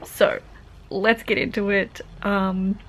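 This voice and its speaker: A young woman with an Australian accent chatting casually in a book vlog, animated and laughing often. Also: mid-range voice, slow pace, slight background noise. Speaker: book vlogger. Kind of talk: casual reading vlog chat.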